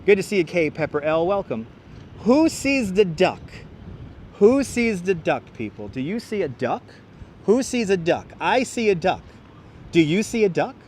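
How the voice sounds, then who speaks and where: A man's voice: high-pitched, a little mellow, slight background noise. A man hosting a casual live-stream walking tour outdoors, chatting to viewers and laughing often, on a clip-on mic. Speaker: livestream host. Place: outdoors on an elevated city park walkway. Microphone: wireless clip-on mic.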